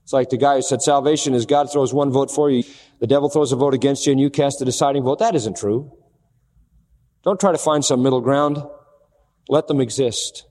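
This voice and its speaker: A man's voice: medium pitch, fairly even intonation, a little fast, a little mellow, in a large hall. A man preaching a sermon, posing questions to the congregation and answering them with emphasis.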